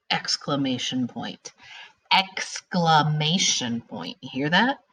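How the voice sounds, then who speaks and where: Lively teacher woman, animated delivery. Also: fairly low pitch, measured pace. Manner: animated and emphatic, stretching words for students. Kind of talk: recorded grammar lesson for students.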